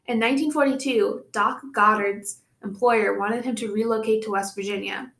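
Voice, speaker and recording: A woman's voice: a little high, fairly even intonation, moderate pace, fairly bright tone. A young woman co-hosting a podcast, telling a true-crime case in a casual way with chatty asides. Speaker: podcast co-host presenting the case. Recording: echoey room.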